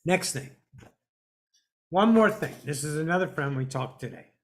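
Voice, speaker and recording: A woman talks through a spiritual monologue in a blunt, preachy way, with swearing mixed in. She slows down and leans on key words to drive a point home, like a teacher addressing her followers. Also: deep voice, lively intonation, slight background noise. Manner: emphatic, drawn-out stresses.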